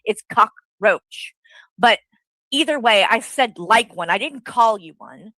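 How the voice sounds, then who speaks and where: A woman's voice: fairly high pitch, expressive, slow, fairly bright tone, rough recording. A woman arguing on a livestream, bluntly accusing someone with swearing and rambling asides. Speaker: guest confronting the host. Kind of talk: heated livestream argument.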